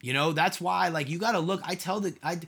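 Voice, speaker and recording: A man's voice: sits high, brisk, fairly bright tone, husky. Man with a raised voice rambling on his podcast. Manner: rambling, talks to listeners with rhetorical questions and many "like"s. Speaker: podcast host and mentor. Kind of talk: casual solo podcast monologue.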